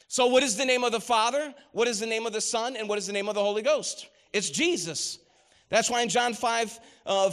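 A middle-aged man with a high-pitched voice delivers a sermon. He tells stories with rising emphasis and quotes scripture. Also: fairly bright tone. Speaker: preacher.

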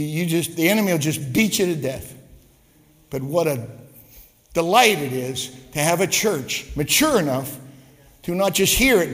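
A man's voice: sits high, fairly bright tone. A male pastor preaching a live-streamed sermon in a church, rambling, repeating words, with humorous asides. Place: church sanctuary. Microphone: live-streamed service mic. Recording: long church reverb.

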